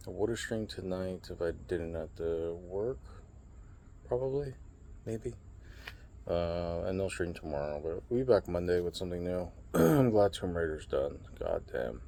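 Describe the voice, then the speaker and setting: Low gravelly young man vlogging late. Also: unhurried, long pauses, slight background noise. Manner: rambling, relaxed storytelling with many fillers. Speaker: vlogger and streamer. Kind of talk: casual late-night vlog chat.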